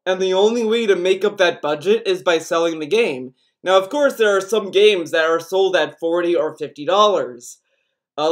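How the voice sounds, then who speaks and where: A man hosting a casual podcast stream, rambling through chat topics with frequent swearing and restarts. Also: high voice. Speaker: podcast host reading chat.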